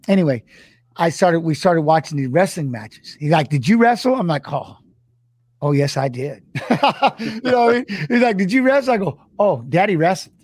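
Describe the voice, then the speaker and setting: A middle-aged man telling an emotional story, halting and repeating himself, close to tears. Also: on the high side, a little mellow, no echo. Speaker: former fighter and guest.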